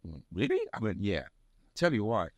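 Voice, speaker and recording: A man, an actor from Nigeria, talking in a relaxed interview and telling animated anecdotes full of fillers and restarts. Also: lowish voice, fairly quick, dry recording. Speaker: actor, guest. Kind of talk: casual interview chat.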